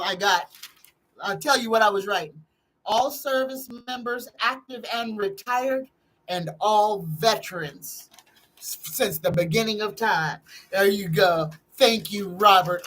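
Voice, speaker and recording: Slow, bright-voiced woman tarot host. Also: fairly high pitch, poor audio. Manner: folksy and chatty, greets viewers one by one with exclamations. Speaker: psychic tarot reader hosting a live stream. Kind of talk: casual live-stream chat and tarot readings.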